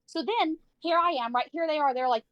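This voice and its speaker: A woman's voice: high-pitched, a little fast, dry recording, lo-fi sound. A woman livestreamer telling a personal story in casual chat, saying "like" a lot, swearing freely and acting out the people she quotes.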